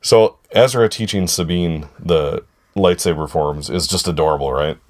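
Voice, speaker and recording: A man with a hoarse, froggy voice from a sore throat, hosting a casual podcast chat with kids and often asking them if they remember. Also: sits low, normal speed, darkish tone. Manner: chatty, keeps asking the listeners if they remember. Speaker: podcast host.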